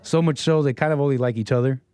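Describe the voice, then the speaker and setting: A man's voice: medium pitch, fast talker, a little mellow, clean tone, no echo. A slightly sick man hosting a call-in livestream, rambling and chuckling as he comments, recorded close to the mic. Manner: rambling, chuckling, self-interrupting. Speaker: livestream host. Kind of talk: casual call-in stream commentary.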